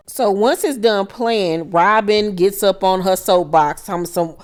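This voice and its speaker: A woman's voice: medium pitch, expressive, normal speed, hardly any pauses, darkish tone. A woman hosting a casual recap of a reality TV episode, blunt and profane, with dramatic asides and frequent laughter. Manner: laughs often while retelling scenes.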